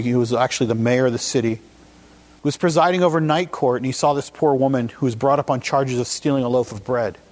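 A man preaching a sermon, telling a story to make his point, slowing down and speeding up for emphasis. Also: fairly high pitch. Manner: storytelling, shifting pace and emphasis.

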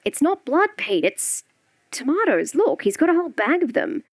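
A woman's voice: sits high, big pitch swings, moderate pace, no room sound, studio quality, voice pushed up. Woman doing a flippant joking rescuer. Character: joking male emergency worker.

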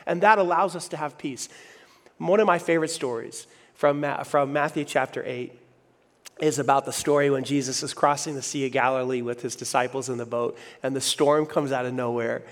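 A pastor preaching a lively sermon, acting out the voices he quotes. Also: mid-range voice, fairly quick. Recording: long hall reverb.

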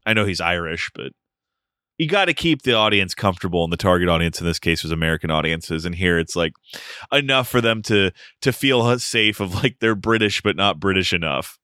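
A man's voice: deep voice, expressive, a little fast, bright, forceful tone, clean tone, no room sound, clean studio sound. A man co-hosting a podcast, casually recapping a film's plot with joking asides. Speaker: podcast co-host. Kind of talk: casual movie review chat.

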